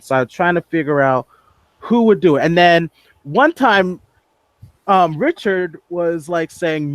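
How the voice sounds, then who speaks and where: A man with a slightly raised pitch earnestly tells how he made an animation, restarting his sentences often as he goes. The mic is close and dry. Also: lively intonation, a little slow, no room sound. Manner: earnest storyteller, frequent restarts. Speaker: guest animator and director. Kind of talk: casual podcast interview.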